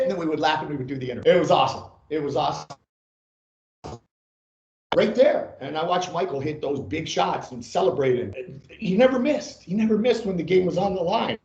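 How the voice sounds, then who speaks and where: A middle-aged man from Ohio, a sportscaster guest telling animated stories, repeating phrases for emphasis and swearing freely. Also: on the high side, normal speed, reverberant, dull audio. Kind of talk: animated storytelling.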